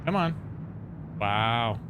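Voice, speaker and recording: Male streamer host, excitable and opinionated, middle pitch, faint hiss behind. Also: extremely slow. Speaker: livestream host. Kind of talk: casual gaming stream chat.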